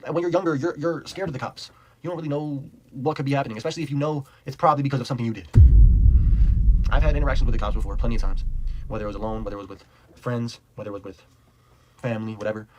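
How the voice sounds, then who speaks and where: A man's voice: mid-range voice, racing, slight background noise, low-quality recording. A young man telling a casual storytime, rambling and profane, full of "like", laughing as he goes. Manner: rambling, profane, heavy use of "like"; animated, laughs while telling.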